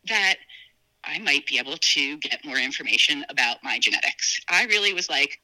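Guest storyteller: woman from New Jersey, very bright and sharp-toned, lively, mimics others' voices mid-story. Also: normal speed, poor audio. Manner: animated, acts out quoted dialogue with big pitch jumps. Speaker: podcast guest. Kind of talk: casual personal storytelling.

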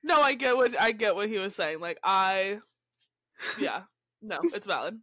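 A woman's voice: medium pitch, a little slow, fairly bright tone, dry recording, studio quality. Chatty young woman from California. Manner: chatty storyteller, quotes people in their own voices, frequent likes and restarts. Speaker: podcast co-host. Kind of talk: casual chat.

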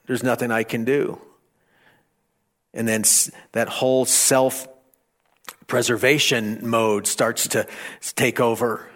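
A man preaching a sermon, stammering and repeating phrases, rising toward near shouting at times. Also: medium pitch, level tone, slow, long pauses. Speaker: pastor.

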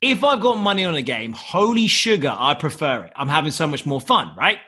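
A man's voice: fairly high pitch, very animated, a little fast, pushed and bright, husky. A man, telling a rambling story as a podcast guest, laughing and swearing often. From United Kingdom. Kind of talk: casual storytelling.

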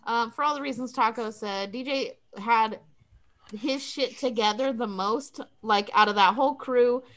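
A woman with a somewhat high voice talks through her favorite character in easy, rambling chat. She leans on fillers and drops casual swears. Laid-back and unhurried. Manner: relaxed, profane, filler-heavy. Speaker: podcast panelist. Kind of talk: casual movie discussion.

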